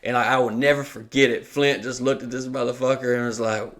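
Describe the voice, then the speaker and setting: A man's voice: medium pitch, fairly even intonation, fairly quick, fairly bright tone. A man co-hosting a podcast, telling stories casually, swearing and laughing often and acting out the people he quotes. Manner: profane storyteller, laughs often, acts out quotes. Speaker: podcast co-host.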